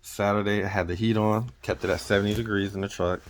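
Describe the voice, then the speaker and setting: A man with a very deep, low voice, talking like a truck driver in a relaxed vlog. He wanders through his story and keeps backing up to correct himself. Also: fast talker, a little hiss or hum. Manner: rambling, chatty, corrects himself often.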